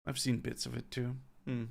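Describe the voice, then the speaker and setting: A man running a casual livestream Q&A as a company CEO, relaxed and rambling as he reads viewer questions aloud and answers them. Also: mid-range voice, vocal fry.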